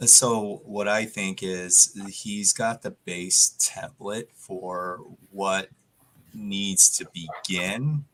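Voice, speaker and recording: A man on a radio chat, giving his thoughts slowly and reflectively. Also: low voice, steady tone, bright, forceful tone, slight background noise, poor audio. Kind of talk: casual call-in chat.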